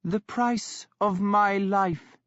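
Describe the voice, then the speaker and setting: A man's voice: sits high, steady tone, drawn-out words, a bit bright, no room sound, dull audio, pitched above the performer's own voice, heavily acted. A man voicing a grief-crazed young woman who screams and wails her accusations. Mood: cold calm.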